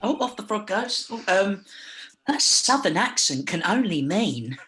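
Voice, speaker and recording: A woman's voice: mid-range voice, big pitch swings, measured pace, crowd noise, poor audio. A woman voicing lines and joking with friends during a fan dub of a game. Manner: joking, playful. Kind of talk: fan voice acting of a game playthrough.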